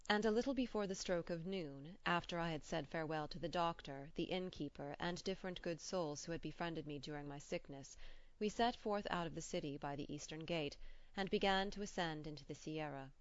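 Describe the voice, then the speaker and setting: A woman narrating a classic story as an audiobook, in a steady, formal way. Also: deep voice, fairly quick, no echo, dull audio.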